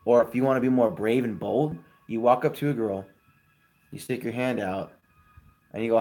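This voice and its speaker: A man's voice: medium pitch, normal speed, pauses often, dark tone. A young man in his twenties hosting a casual live stream, chatting with viewers and giving friendly advice.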